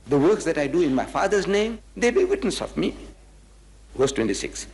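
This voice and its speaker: Male lecturer, South African accent, emphatic and mocking, highly expressive pitch, reverberant hall recording. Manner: emphatic and mocking, reads scripture slowly and solemnly. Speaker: lecturer on religion. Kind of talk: animated public lecture.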